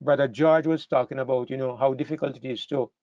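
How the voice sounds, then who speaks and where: A man's voice: mid-range voice, fairly even intonation, fast, no echo, dull audio. A man preaching a sermon to a congregation, earnest and emphatic, repeating phrases as he builds to stressed points. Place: church hall with a live congregation.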